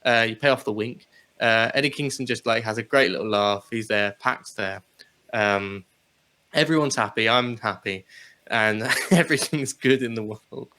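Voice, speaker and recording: A man co-hosting a casual wrestling talk show, animated and quick to laugh and swear. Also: on the low side. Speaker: podcast co-host.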